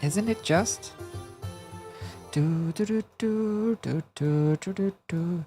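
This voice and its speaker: A woman's voice: fairly low pitch, takes it slowly, dark tone, faint music behind. A woman live-streaming as she animates, thinking aloud and making playful sound-effect noises. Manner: thinks aloud while working, half to herself. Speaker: streamer animating digital art. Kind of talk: casual live-stream commentary.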